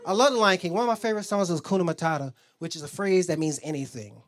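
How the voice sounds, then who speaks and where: A man's voice: high voice, racing. A man doing a loose, rambling stand-up comedy set on a club stage, acting out bits.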